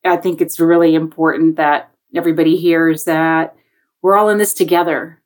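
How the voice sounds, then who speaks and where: A woman's voice: sits low, moderate pace. A woman on a remote video call, a guest telling a classroom story in a chatty way and acting out the voices of the people she quotes. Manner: animated, acts out quoted voices. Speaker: education guest on a panel. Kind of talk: conversational storytelling.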